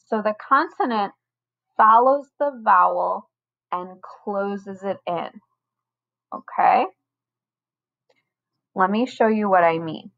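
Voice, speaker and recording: A woman teaching a recorded lesson to first graders, speaking slowly and patiently with careful, stretched-out pronunciation. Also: mid-range voice, lo-fi sound. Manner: slow, patient, over-enunciated teacher talk. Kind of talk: recorded online lesson for children.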